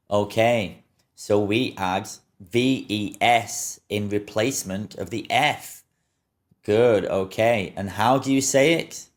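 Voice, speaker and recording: Man, English teacher, very slow deliberate speech, lowish voice, patient drills. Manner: patient, repeats words slowly for learners. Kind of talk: slow, repetitive pronunciation lesson.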